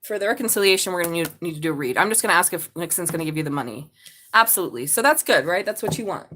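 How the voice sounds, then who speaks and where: A woman's voice: on the low side, lively intonation, racing, pushed and bright. A woman doing a live tarot reading, chatty and blunt, swearing and laughing as she talks. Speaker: tarot reader.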